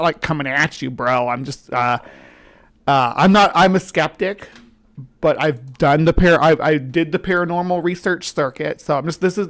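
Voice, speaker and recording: A woman from the middle of the United States hosts a relaxed live show. She rambles and trips over her own words, circling back to greet viewers in the chat. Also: deep voice. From central United States, between the South and upper Midwest. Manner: rambling, self-interrupting, chats with viewers. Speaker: livestream host. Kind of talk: casual live-stream chat.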